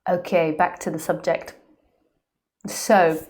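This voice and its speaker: A woman spiritual teacher giving a live-streamed talk from a room at home, earnest and searching, pausing often. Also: lowish voice, a little mellow. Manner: earnest, searching, with pauses and ums.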